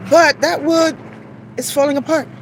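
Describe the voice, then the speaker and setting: A woman with a high-sitting voice, fairly even intonation and normal speed hosts her first live stream for her garden channel, walking through her backyard garden. Out of breath as she walks, she greets viewers by name in a chatty, self-deprecating way, with background noise audible.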